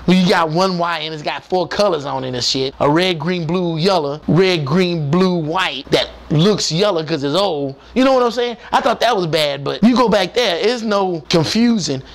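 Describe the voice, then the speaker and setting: A man's voice: sits high, moderate pace, creaky, few pauses. A man who is a former Navy submarine technician, telling sea stories in a casual, profane, colloquial way and talking straight to his viewers. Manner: animated, profane, colloquial, addresses viewers directly. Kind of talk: casual storytelling.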